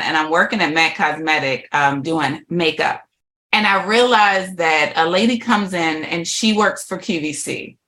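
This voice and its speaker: A woman's voice: lowish voice, sharp tone. A middle-aged woman, a podcast guest, telling her life story with animation, laughing often and acting out quoted voices.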